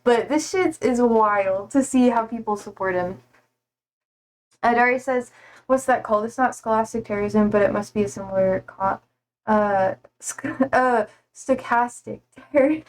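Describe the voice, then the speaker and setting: A woman's voice: fairly high pitch, unhurried. A woman streaming live, talking casually to her chat in a slightly raised voice. She rambles from thought to thought and laughs at her own shortcomings. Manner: rambling, laughing, self-deprecating.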